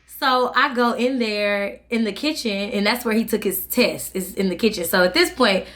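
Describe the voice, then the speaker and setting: A woman's voice: medium pitch, moderate pace. A young woman, casually telling a story to her vlog audience and acting out what people said. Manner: chatty, animated, acts out quoted dialogue. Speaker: vlogger.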